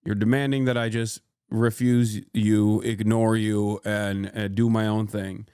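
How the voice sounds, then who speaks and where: A man on a live stream who speaks straight at his chat, blunt and ready to argue. His voice comes through smooth and resonant, close on the mic in a dry, dead room. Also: fairly low pitch, level tone, a little slow, warm tone, no room sound. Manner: blunt, combative, addressing chat directly. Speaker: livestreamer.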